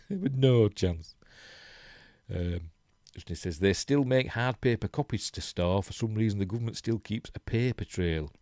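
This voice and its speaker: A man's voice: lowish voice, moderate pace, darkish tone, dry recording, clean studio sound. A man with a Yorkshire accent hosting a live stream, chatting casually, reading news articles aloud and chuckling, with lots of rhetorical tag questions. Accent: Yorkshire English. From Yorkshire, England.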